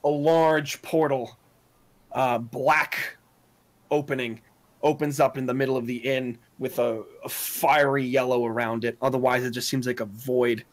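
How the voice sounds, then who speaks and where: A man runs a tabletop game at an unhurried pace, narrating scenes and calling for checks. He often stops mid-phrase with fillers and restarts. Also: mid-range voice, steady tone. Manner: halting, with many fillers and restarts. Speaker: game master.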